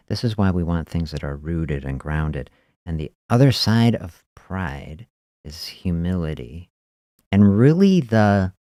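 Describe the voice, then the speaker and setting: A man with a very low voice talks through his thoughts as a podcast host, unhurried and reflective. He leans on little prompts like "you know" and "see" as he goes. The sound is dry, with no room echo. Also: darkish tone. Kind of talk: reflective spoken monologue.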